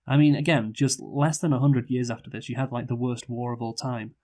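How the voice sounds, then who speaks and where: Guy rambling thru a movie review, swears a lot, lots of um and like, normal middle pitch. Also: steady tone, fairly quick, warm tone. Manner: rambling, profane, lots of fillers and restarts. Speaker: podcast co-host, film reviewer. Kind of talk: casual review chat.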